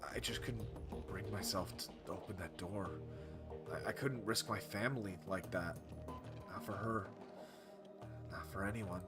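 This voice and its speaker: A man voicing a shaken middle-aged male disaster survivor who speaks in a halting, hushed way. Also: deep voice, over music. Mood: haunted, hushed.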